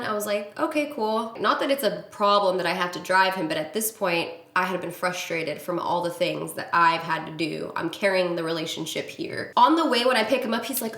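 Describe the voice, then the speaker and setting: A young adult woman vlogger telling a story to camera in a casual, animated and exasperated way. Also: medium pitch, brisk, hardly any pauses, reverberant. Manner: animated, exasperated retelling with acted quotes.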